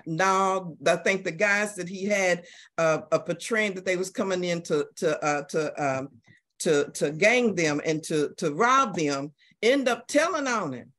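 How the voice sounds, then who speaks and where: A woman with a lowish voice teaches an adult Sunday school class, telling a story in a lively way and repeating many words.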